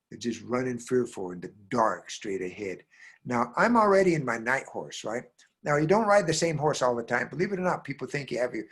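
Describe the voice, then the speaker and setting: Man, husky voice, storyteller, dramatic swings from hushed to loud, keeps asking listeners "right?". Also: mid-range voice. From American Southwest. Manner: talks straight to listeners with frequent "right?". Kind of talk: oral storytelling performance.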